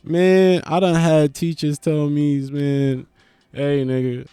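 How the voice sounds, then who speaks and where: A man hosting a podcast, riffing in a loose, profane, animated comic monologue. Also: on the high side, takes it slowly, clean tone, no room sound, soft background music. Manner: loose, animated, profane, swings into loud bursts. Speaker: podcast host. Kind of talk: casual comedic monologue.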